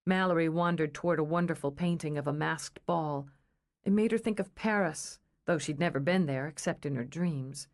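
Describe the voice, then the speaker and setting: A woman reading a romance novel aloud in a measured, expressive storytelling style. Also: sits low. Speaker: audiobook narrator. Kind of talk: scripted narration.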